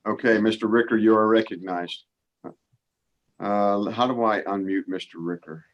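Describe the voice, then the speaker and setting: A man's voice: lowish voice, unhurried, dull audio. A man chairing an online committee meeting over a video call, informal and joking, now and then unsure how to run it.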